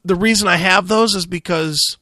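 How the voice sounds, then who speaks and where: A man's voice: high-pitched, normal speed, sharp tone, no room sound, studio quality. A man hosting a radio talk show, telling a long profane story and acting out the quotes. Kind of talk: casual storytelling.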